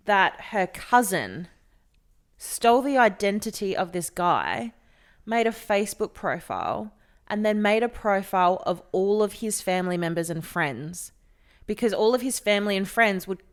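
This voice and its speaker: A woman's voice: medium pitch, a little slow. A woman co-hosting a podcast, telling a story in casual chat, swearing freely and acting out the people in it. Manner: animated storyteller, swears freely, acts out quoted voices. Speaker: podcast co-host.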